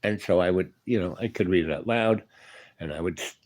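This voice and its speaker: A man's voice: deep voice, a little fast, a little mellow. A man in his seventies, a former union electrician, telling a long story in a rambling, casual way and tossing in "you know" and "right?". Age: 70s.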